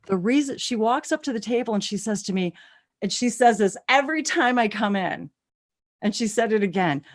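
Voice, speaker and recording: A woman's voice: mid-range voice, animated, normal speed. A woman in her sixties, co-hosting a live stream, tells a story in a bubbly, breathless way, laughing often and squealing when thrilled. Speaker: co-host of a live channeling broadcast. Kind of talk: excited storytelling chat. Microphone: webcam on a video stream.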